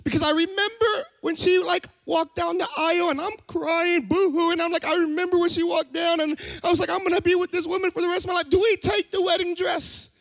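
A middle-aged man preaching a sermon in church, telling a personal story with lively shouts and low asides. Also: a little fast, vocal fry, few pauses, no echo. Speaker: pastor. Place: church sanctuary.

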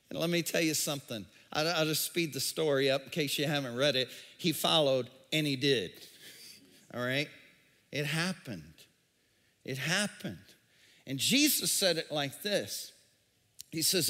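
A man's voice: fairly high pitch, unhurried, bright, forceful tone, in a large hall. A man preaching a sermon as pastor, repeating words and throwing questions at the congregation. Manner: repetitive, stammering, questions to the crowd.

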